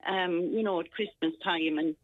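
A woman's voice: on the low side, normal speed, dry recording. An Irish woman calling in to a radio show as a regular contributor, chatting and joking in a rambling way over a tinny phone line. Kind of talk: casual phone chat. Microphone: telephone.

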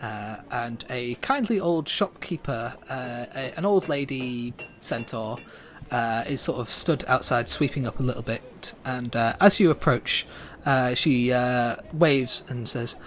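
Halting game master narrating, lots of ums. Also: male voice, mid-range voice, slight background noise.

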